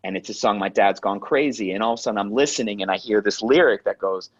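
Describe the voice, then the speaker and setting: A man, an actor and acting coach, telling lively stories in a casual interview, acting out the voices and swearing freely. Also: on the low side, fast, hardly any pauses, no room sound. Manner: animated storyteller, acts out quotes, swears freely. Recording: dull lo-fi sound.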